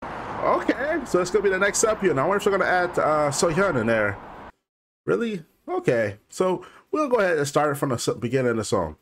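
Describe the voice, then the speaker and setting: A man's voice: on the high side, very animated, fast, fairly bright tone, a little hiss or hum. A young man hosting a music video reaction, talking loosely and rambling with lots of filler words. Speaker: reaction channel host.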